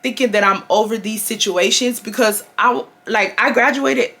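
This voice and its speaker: A woman in her twenties from Houston, Texas, telling a high school story to her viewers in a casual, animated way with lots of slang and swearing. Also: normal speed. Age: 20s. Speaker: storytime vlogger.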